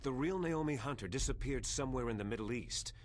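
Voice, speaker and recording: A stern male military advisor, played by a man in a video game, commanding and grave, speaking at a middle pitch. Clear noise hums behind the game audio. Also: expressive, quick pace, close to an everyday voice.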